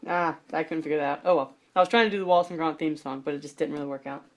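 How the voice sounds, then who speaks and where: A woman's voice: deep voice, fairly even intonation, racing. A woman hosting a casual podcast, chatting in a rambling, self-deprecating way and improvising songs on guitar. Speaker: podcast host. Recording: loud guitar music underneath.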